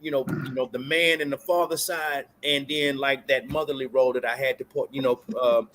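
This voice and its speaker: A man's voice: mid-range voice, fairly even intonation, fairly quick, a bit bright, a little hiss or hum. A man on a discussion panel who keeps steering the talk with repeated questions.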